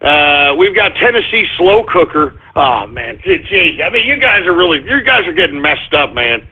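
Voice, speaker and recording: A high-pitched, husky male talk radio host who rants loudly and breaks into shouting, stretching out words for emphasis. His voice comes through a tinny, phone-like radio stream. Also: very animated, moderate pace, few pauses. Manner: loud irritated ranting with shouted bursts. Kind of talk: ranting internet radio monologue.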